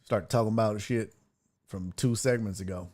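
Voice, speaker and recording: A man's voice: fairly low pitch, normal speed, a little mellow. A man hosting a livestream, chatting casually and swearing freely. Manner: laid-back, profane, chatty. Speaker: livestream sports talk host.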